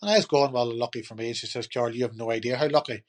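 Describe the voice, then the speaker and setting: A middle-aged man, speaking in a mid-range voice and talking fast, tells his story as a podcast guest. His casual storytelling is chatty and rambling, packed with fillers like "you know" and "turned around and says."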